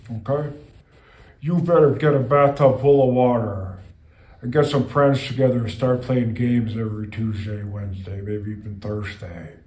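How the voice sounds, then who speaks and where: A man voicing a portentous floating head that delivers messages from the other side, slow and solemn, with a constant "okay?" in a roomy, echoey space. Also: mid-range voice, warm tone, close to an everyday voice. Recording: roomy echo.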